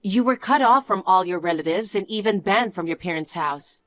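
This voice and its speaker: A woman's voice: medium pitch, moderate pace, no echo. A woman reading the part of a wronged aunt in a dramatized story, speaking in a cold, curt and bitter way. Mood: indignant. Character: wronged aunt, a woman betrayed by her niece.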